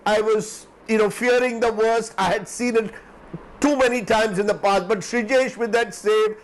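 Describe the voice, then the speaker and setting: A man in his fifties with an Indian English accent, giving emotional live news commentary, teary-eyed and fervent, with halting restarts. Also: high voice, steady tone, rough recording. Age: 50s.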